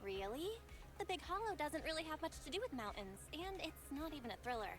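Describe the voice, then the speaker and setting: A bubbly young shopkeeper chats eagerly about what she loves. Her voice is high and bounces all over. Game music plays clearly behind her. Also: sing-song, a little fast. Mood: informative. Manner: chatty, enthusiastic recommendations. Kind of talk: game voice acting.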